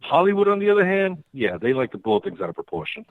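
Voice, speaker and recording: A man's voice: on the high side, fast talker, no echo. A man from New York City calling into a talk show by phone, opinionated and emphatic. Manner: opinionated, animated rise and fall. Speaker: caller. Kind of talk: casual phone chat. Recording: tinny phone line.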